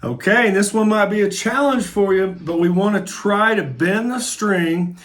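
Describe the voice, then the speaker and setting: A middle-aged man with a somewhat high voice talks through a casual guitar lesson. He is friendly and encouraging, and he thinks aloud as he goes. Faint music plays behind him. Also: normal speed, a bit bright. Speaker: guitar teacher. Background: guitar playing.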